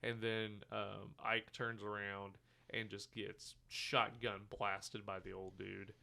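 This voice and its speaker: A man's voice: on the low side, level tone, slow pace, gravelly, bright, forceful tone. A man co-hosting a podcast, casually retelling movie scenes and acting out the characters' lines with some swearing. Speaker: podcast co-host. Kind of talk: casual movie review chat.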